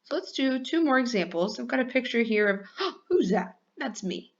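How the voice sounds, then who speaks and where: A woman teacher giving a lesson to young children, speaking clearly and drawing out her words in a sing-song way. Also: on the high side, expressive, moderate pace, highs cut off.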